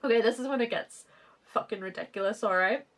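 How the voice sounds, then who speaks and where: A woman's voice: medium pitch, brisk, fairly bright tone. A woman in her twenties giving a sarcastic comic read-through of her old fan fiction, laughing often and swearing. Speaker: author reviewing her teen fanfiction.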